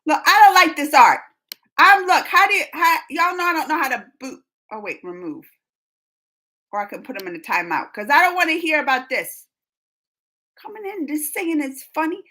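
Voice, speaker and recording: Bright-voiced chatty woman. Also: high voice, lively intonation, moderate pace, low-quality recording. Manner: chatty, emotional, laughs often, reads comments aloud. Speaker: live stream host reading chat. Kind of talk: casual live chat.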